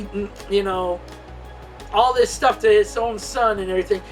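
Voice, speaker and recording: High bright-voiced guy hyped up, swearing and laughing through a movie recap, mic far off, faint music. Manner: excitable and profane, laughs a lot, filler-heavy. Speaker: movie reviewer. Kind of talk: casual movie review vlog.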